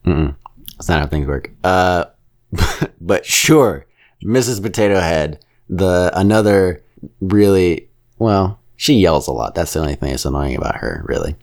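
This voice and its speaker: A man's voice: low voice, lively intonation. A man co-hosting a podcast, chatting casually and rambling about a film with strong opinions. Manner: rambling, opinionated, keeps slipping into quick character impressions. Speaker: podcast co-host reviewing a film. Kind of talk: casual chat.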